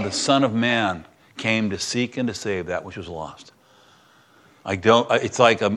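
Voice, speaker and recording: A man preaching a sermon, retelling a Bible story with animated storytelling and acted-out voices. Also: mid-range voice. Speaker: pastor.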